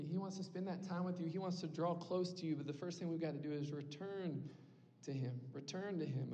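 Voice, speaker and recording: A man's voice: fairly high pitch, dark tone, lo-fi sound. A young man preaching an earnest, conversational sermon to a campus ministry group, often checking in with "right?". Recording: long hall reverb.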